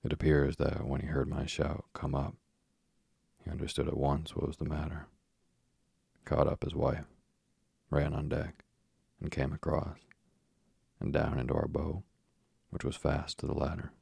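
Super deep raspy guy reading a sleepy story, flat and slow, dry close mic. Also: no echo. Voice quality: deep gravelly voice. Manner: soft, even, unhurried delivery. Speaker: narrator.

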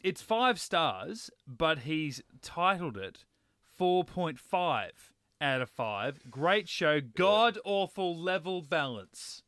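Loud bright-voiced man podcast co-host. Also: a little high, big pitch swings, takes it slowly, no room sound, studio quality. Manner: loud talker. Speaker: podcast co-host who works in radio. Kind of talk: casual chat, reading a review. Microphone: studio mic.

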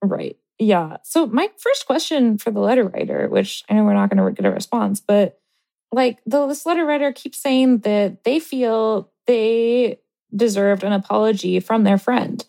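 A woman joins an advice chat as a guest, weighing things calmly and thoughtfully. Her voice sits a little high and carries a lot of gravelly fry. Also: normal speed. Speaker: podcast guest, math tutor.

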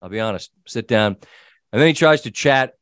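A man's voice: mid-range voice, normal speed, dry recording. Middle-aged man telling a story, dry sound. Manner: animated storyteller, quoting himself and others. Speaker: sports show host. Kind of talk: casual storytelling chat.

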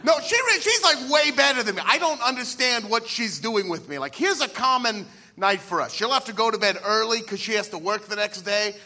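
A man doing a stand-up comedy set on a live radio show, self-deprecating, with excitable rants that climb into high shouts. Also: fairly quick, few pauses.

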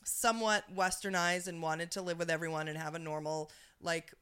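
A woman's voice: on the low side, flat delivery, a little fast, a bit bright, smooth. A woman co-hosting a podcast, chatting casually about politics in a rambling, profane way with lots of restarts. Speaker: podcast co-host.

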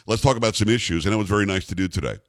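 A man hosting a radio talk show with a bass voice, telling stories casually and jokingly, doing voices for the people in them. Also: rapid-fire, no echo. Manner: animated, jokey, puts on voices for the people in his stories. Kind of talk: casual on-air storytelling. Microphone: studio microphone.

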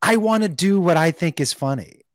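A man's voice: high voice, lively intonation, moderate pace, no room sound, clean studio sound. A man hosting a casual podcast chat as a comedian, talking in bursts with restarts and stammers. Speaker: host and comedian.

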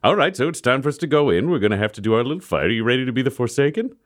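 A man's voice: medium pitch, animated, racing, natural voice. A man playing an upbeat fighter. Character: upbeat gruff male fighter.

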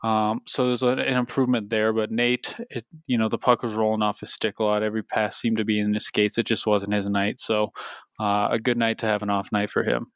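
A man's voice: lowish voice, level tone, fairly quick, a bit bright, clear, resonant tone, no echo. A man co-hosting a podcast, thinking aloud in a loose, casual way about a game. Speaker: podcast co-host. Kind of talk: casual sports analysis chat.

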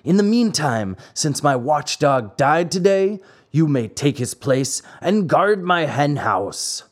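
A man voicing an angry, rough-spoken farmer scolding a thief. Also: fairly high pitch, sing-song, slow pace, exaggerated voice. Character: angry gruff male farmer.

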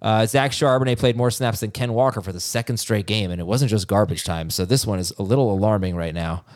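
A man co-hosting a casual fantasy football podcast, brisk and teasing, with frequent "uh" fillers. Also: lowish voice, dry recording, studio quality. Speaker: podcast co-host.

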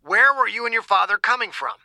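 A man's voice: high-pitched, brisk, vocal fry, sharp tone, dry recording, pitched above the performer's own voice, exaggerated voice. A man doing a cold, blunt doctor. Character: blunt, cold male doctor, grieving father type.

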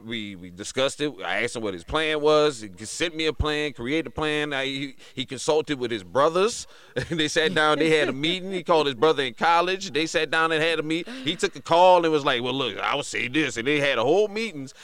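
A middle-aged man telling a story on a podcast in a casual, animated way, slipping into other voices to act out quotes. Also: fairly high pitch, brisk, no room sound. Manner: animated, mimics voices in quotes, laughs often. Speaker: podcast co-host.

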